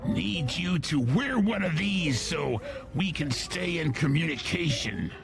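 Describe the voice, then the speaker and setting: An actor playing a curt, businesslike pig enforcer in an audio drama. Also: male voice, fairly high pitch, expressive, a little slow, vocal fry, over music. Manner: curt, instructive.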